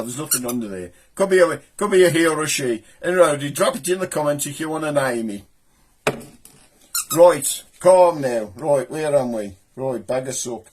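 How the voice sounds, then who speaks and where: A middle-aged man with a Black Country accent hosting a casual vlog, joking and rambling as he explains local slang. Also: mid-range voice. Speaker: host.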